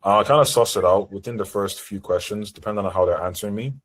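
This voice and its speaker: A man's voice: fairly low pitch, quick pace, low-quality recording. A man teaching sales in a live seminar, talking in a direct, assertive way. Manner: direct, assertive coaching talk. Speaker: sales trainer. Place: online group call.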